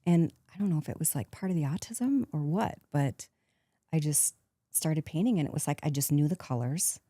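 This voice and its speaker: A woman in her fifties, a guest in a casual interview, telling stories in a lively way, acting out quotes and laughing often. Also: deep voice, normal speed, dry recording, clean studio sound. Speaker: guest, actress turned painter.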